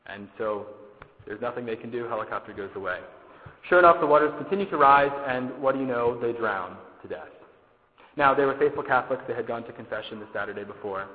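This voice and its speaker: A man's voice: medium pitch, quick pace. A man preaches in a church, telling a story and voicing its people as he goes. The sound is thin and tinny, like a phone line. The room is echoey, with a long reverb hanging after his phrases. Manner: storytelling, acting out the dialogue. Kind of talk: sermon with a told story.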